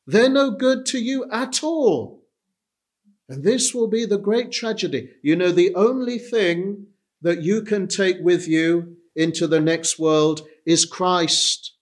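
A man preaching a sermon, earnest and pleading, repeating key phrases for emphasis. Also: fairly high pitch. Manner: earnest, repetitive pleading delivery.

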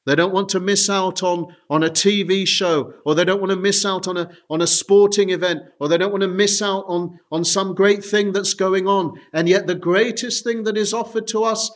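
A man's voice: high-pitched, fairly even intonation, normal speed, few pauses. A man preaching an earnest sermon, often turning to his listeners with direct appeals.

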